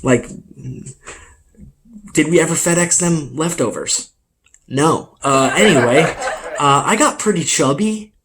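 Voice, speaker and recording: A man's voice: a little high, unhurried, pauses often, background noise. A young man doing a self-deprecating stand-up comedy set, with many fillers. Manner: rambling, filler-heavy, self-deprecating delivery.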